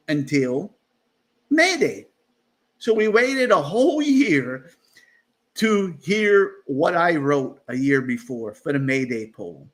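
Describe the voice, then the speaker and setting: A man's voice: a little high, fairly bright tone. A man hosting a casual live-stream chat over a video call, rambling with lots of fillers and often laughing at himself. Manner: rambling, full of fillers and restarts. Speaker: host.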